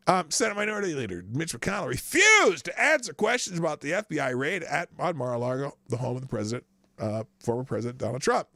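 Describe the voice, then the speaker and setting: A man's voice: medium pitch, animated, brisk, vocal fry, bright, forceful tone, no echo. A man hosting a live news commentary show, talking in a sarcastic, rambling way with frequent swearing and restarts.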